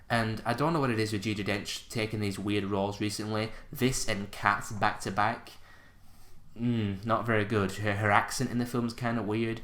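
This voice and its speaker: A man's voice: on the low side, fairly bright tone. A man giving a casual spoken movie review on his channel, blunt and unimpressed in a conversational way. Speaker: film reviewer.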